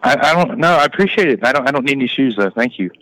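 A man's voice: mid-range voice, lively intonation, racing, fairly bright tone, no room sound, rough recording. A man working as a hotel general manager, staying patient and polite while confused.

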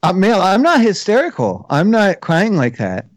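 A man makes a prank phone call in an animated voice that swoops up and down. He tells a pleading story with mock earnestness, as if the matter were serious. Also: high voice, normal speed. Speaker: prank caller.

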